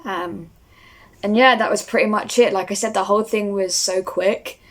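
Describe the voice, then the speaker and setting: A young woman vlogs casually to camera, rambling, starstruck and full of fillers. Her voice is medium-pitched and steady in tone, at a moderate pace.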